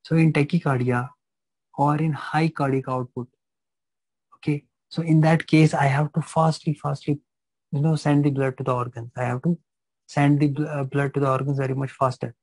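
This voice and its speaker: A man's voice: on the high side, level tone, moderate pace, a little mellow, dry recording, poor audio. A man teaching a live physiology class, repeating phrases and checking that students understand.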